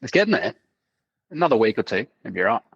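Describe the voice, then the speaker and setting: Give me a fast-talking Australian man on a video call, with a low, husky voice and a dry teasing manner. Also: sing-song, no room sound, dull audio. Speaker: podcast co-host on a video call.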